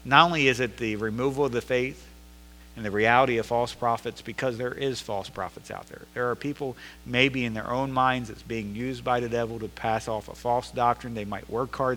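A man preaching a sermon as pastor in a church, emphatic, building to loud insistent repetition. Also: medium pitch. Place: church sanctuary. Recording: long reverb of a large hall.

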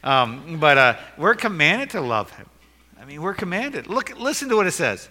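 A man's voice: on the high side, sing-song, moderate pace, sharp tone, big-room sound. A man preaching a sermon as pastor, earnest and emphatic, with self-deprecating jokes.

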